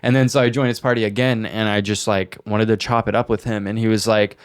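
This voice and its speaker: A young man co-hosting a podcast, telling a story in casual chat, animated and swearing freely. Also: fairly low pitch, fast, clear, resonant tone, no echo, clean studio sound. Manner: animated storyteller, swears a lot, acts out quotes. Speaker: podcast co-host.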